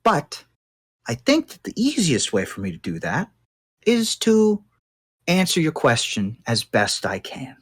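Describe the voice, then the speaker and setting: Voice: mid-range voice, wildly swooping pitch, measured pace, exaggerated voice. A game master putting on a scheming rat crime boss. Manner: bargaining, smooth-talking.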